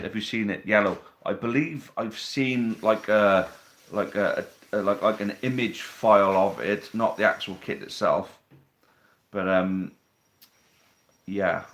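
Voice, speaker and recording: A man's voice: on the low side, a little slow. A man hosting a casual live stream from home, chatting, reading out viewer questions and teasing them, recorded on a phone on a tripod. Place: living room at home.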